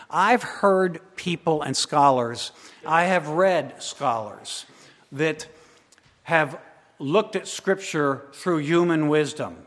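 A man preaching a sermon as pastor, swinging between loud emphatic declarations and quiet, intimate asides. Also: on the high side. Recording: long hall reverb.

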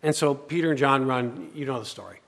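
A male pastor preaching a sermon, swinging between loud urgency and hushed, quiet passages. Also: medium pitch, brisk, gravelly. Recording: long hall reverb.

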